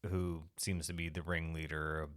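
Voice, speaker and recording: A man's voice: extremely low pitch, flat delivery, normal speed, a bit bright, smooth. A man co-hosting a podcast, casually retelling a film scene by scene in a rambling way with frequent profanity. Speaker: podcast co-host. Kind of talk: casual movie recap chat.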